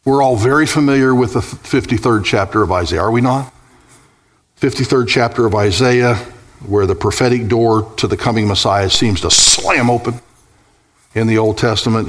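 Man preaching a sermon. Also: moderate pace. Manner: preaching, rising to high impassioned peaks. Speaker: pastor.

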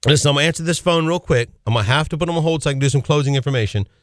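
A man's voice: a little high, rapid-fire, no echo, clean studio sound. A man hosting a Christian call-in radio show, preaching fervently and emphatically, often repeating his key phrases. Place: radio studio.

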